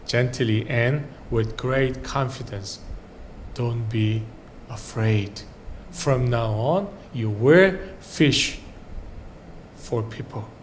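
A male pastor delivers a sermon in a slow, deliberate cadence at an ordinary middle pitch. His phrases often fade to a quiet close. A faint hiss of background noise sits under the recording. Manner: slow, earnest preaching with soft trailing phrase endings. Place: church sanctuary.

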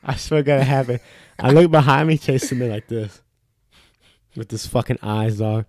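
A man co-hosting a casual podcast, telling stories in an animated, profane way and calling his friends "dog.". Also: medium pitch, moderate pace, no room sound, studio quality. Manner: profane animated storyteller, says "dog" a lot. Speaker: podcast co-host. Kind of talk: casual chat.

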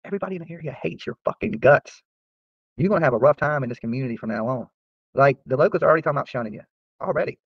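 A man's voice: mid-range voice, expressive, rapid-fire, slightly rough, no echo. A man hosting his channel, ranting casually to viewers in a boastful, profane, trash-talking way. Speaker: YouTube channel host. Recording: dry, slightly dull lo-fi sound.

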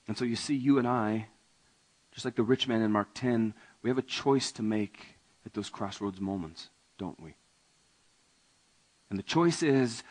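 Husky-voiced male pastor preaching. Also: on the low side, normal speed, rough recording. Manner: conversational, asks the audience questions; swings between raised emphasis and quiet asides. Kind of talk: sermon.

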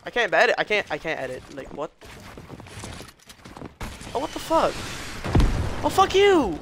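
A young man streaming a shooter game, reacting loudly, swearing often and yelping when surprised. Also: on the high side, moderate pace, gravelly, noisy background. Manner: excitable, swears a lot, yelps and shouts in reaction. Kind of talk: live gameplay commentary.

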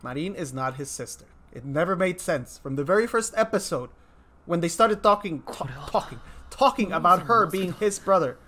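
Animated man streaming a game. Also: high voice, normal speed. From Colombia. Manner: excitable, chatty, self-mocking, talks to chat. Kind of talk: casual live-stream gameplay commentary. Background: faint game music.

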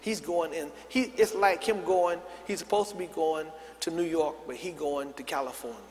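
A man's voice: a little high, normal speed, a little mellow. A man a sermon as pastor, calling out to the congregation to repeat his words and answer him. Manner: preaching with call-and-response to the congregation. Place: large church sanctuary. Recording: long reverb of a big hall.

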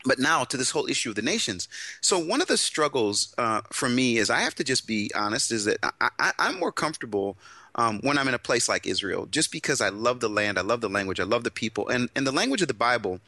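A man's voice: mid-range voice, fast, dry recording. A man co-hosting a casual talk, telling a story with many restarts and acting out other people in quotes. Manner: animated, restarts often, acts out voices in quotes. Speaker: co-host. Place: in Shanghai, China.

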